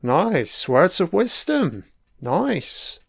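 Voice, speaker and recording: A man's voice: high voice, big pitch swings, extremely slow, gravelly, breathy edge, dry recording, studio quality. A man giving crude, profane live reaction commentary while watching an episode. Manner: crude, profane running remarks.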